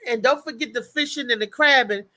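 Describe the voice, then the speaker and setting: A woman's voice: a little high, fairly quick, a crowd in the background. A woman co-hosting a casual livestream chat, telling stories. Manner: animated storytelling with frequent restarts and laughter. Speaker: co-host.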